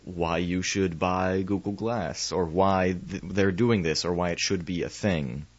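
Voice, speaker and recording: A man with a very low voice co-hosts a casual tech chat, relaxed and wry in his asides. The sound is close and dry, a bit dull in the highs. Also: a little slow, no room sound. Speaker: podcast co-host.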